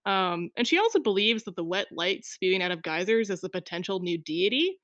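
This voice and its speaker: A woman's voice: mid-range voice, animated, brisk, a bit bright, dry recording, highs cut off. A woman player in a tabletop game chatting casually about her character, rambling with restarts and laughing often.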